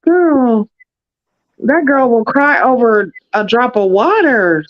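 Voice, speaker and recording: A woman co-hosting a casual recap chat, sassy and animated, calling everyone girl. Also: on the high side, slow, lo-fi sound. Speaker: podcast co-host.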